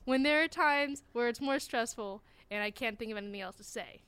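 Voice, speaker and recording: A playful young college woman chatting on a podcast. Her voice is bright and crisp, with a smooth tone and a slightly high pitch. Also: a little fast, no room sound. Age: young adult. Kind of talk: casual chat.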